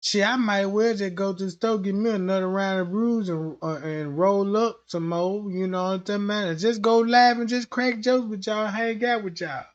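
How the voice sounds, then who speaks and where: A young man livestreaming, telling stories in a casual, slangy, animated way. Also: high voice, normal speed, hardly any pauses, highs cut off.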